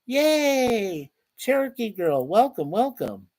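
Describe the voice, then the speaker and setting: A man's voice: high voice, measured pace. A chatty man hosts a casual livestream in an easygoing, rambling way. He reads out viewer comments, welcomes people one by one, and trips over his words now and then. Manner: chatty, stumbles and repeats words. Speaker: livestream host.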